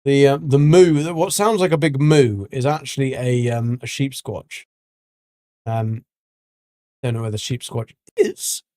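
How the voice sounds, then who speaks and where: A man's voice: medium pitch, measured pace, mellow, dry recording. Guy rambling through a game stream, lots of ums, mid voice, dry sound. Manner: rambling and chatty, with many ums and restarts. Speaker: livestreaming gamer. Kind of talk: casual livestream chat while gaming.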